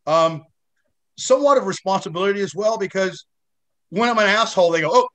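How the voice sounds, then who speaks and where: A man's voice: high-pitched, fairly quick, fairly bright tone. A man being interviewed as an actor guest, still shaken after a head injury, talking in a rambling way with many restarts and casual swearing.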